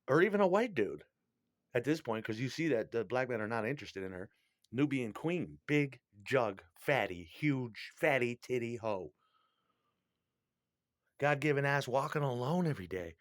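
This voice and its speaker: A man's voice: medium pitch, expressive, moderate pace, no room sound, studio quality. A middle-aged man delivering a crude, profane, rambling monologue.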